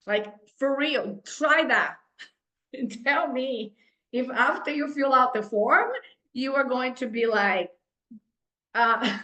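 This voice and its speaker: Female fitness coach on a group call, fairly high, animated, roomy room sound. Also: slow pace. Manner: animated, talks to the group with frequent "right?" check-ins.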